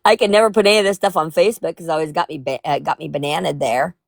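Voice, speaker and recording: A woman's voice: sits low, racing, vocal fry, a little hiss or hum. A woman chatting casually on a live stream, blunt and joking, swearing freely. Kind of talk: casual chat.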